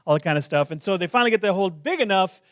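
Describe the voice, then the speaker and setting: A man's voice: high-pitched, expressive, rapid-fire, no room sound, clean studio sound. A male pastor preaching a sermon in a joking, self-deprecating, conversational way.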